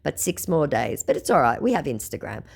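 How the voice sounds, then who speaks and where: A woman's voice: a bass voice, sing-song, fairly quick, vocal fry, a little mellow, slightly rough. A woman hosting a scam-baiting video, reading out chat logs with sarcastic, mocking narration. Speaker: scam-baiting channel host.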